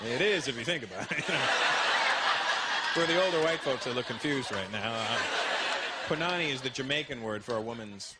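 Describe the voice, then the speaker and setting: A man's voice: medium pitch, animated, normal speed, long pauses, very noisy. A man doing a stand-up routine, brash and teasing, laughing between jokes on a live stage. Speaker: stand-up comedian. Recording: live show with loud audience.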